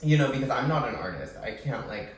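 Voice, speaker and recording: Animated young man, echoey room. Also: mid-range voice, quick pace. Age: 20s. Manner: animated, dramatic, lots of "like". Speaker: podcast co-host. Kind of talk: casual chat. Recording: echoey room, mic at a distance.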